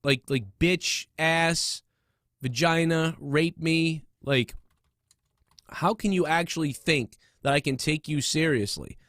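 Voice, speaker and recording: A man's voice: on the high side, slow pace, a bit bright, no room sound, clean studio sound. Rambling profane male podcast host. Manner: rambling, profane, many fillers and restarts. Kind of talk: casual comedy podcast rant.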